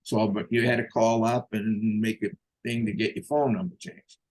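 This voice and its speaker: A man's voice: lowish voice, level tone, normal speed, a little mellow. An older man telling a personal story in a blunt, profane way, acting out the voices of the people he quotes. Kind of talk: casual storytelling.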